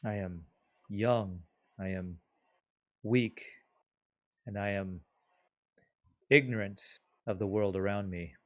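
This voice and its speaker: Man, tabletop player, low voice, quiet, slow, halting in character. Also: lo-fi sound. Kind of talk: in-character tabletop role-play.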